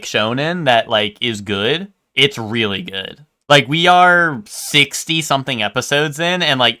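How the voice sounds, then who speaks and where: A man's voice: mid-range voice, pushed and bright, smooth. A young man streaming a game live, talking in a rambling, casual way with lots of swearing and "like". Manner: rambling, swears a lot, full of "like".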